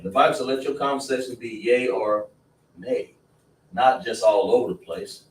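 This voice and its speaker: A man's voice: mid-range voice, moderate pace. A man teaching a class in an emphatic, repetitive, scolding preaching manner, in an indoor classroom. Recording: roomy, distant mic, faint noise.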